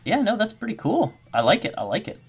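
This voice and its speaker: A man's voice: high-pitched, wildly swooping pitch, quick pace, breathy edge, muffled recording, soft background music. A man streaming his game development work, chatting casually with viewers in a rambling, friendly, encouraging way and answering chat.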